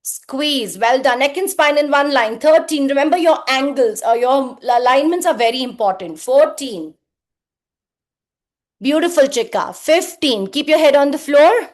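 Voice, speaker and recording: A woman's voice: high voice, expressive, measured pace. A woman leading a live group workout, counting reps and giving short cues and praise. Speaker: fitness instructor. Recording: echoey room.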